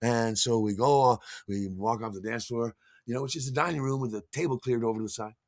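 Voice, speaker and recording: A man's voice: medium pitch, fast talker, dry recording, clean studio sound. A man telling a personal story in an enthusiastic, theatrical way as a podcast host, scatting rhythms along the way.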